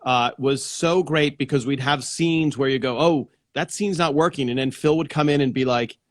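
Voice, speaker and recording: A man's voice: mid-range voice, normal speed. A man hosting a casual live interview over a video call, rambling and restarting his sentences as he talks. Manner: rambling, restarts sentences, repeats "yes" and "yeah". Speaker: host.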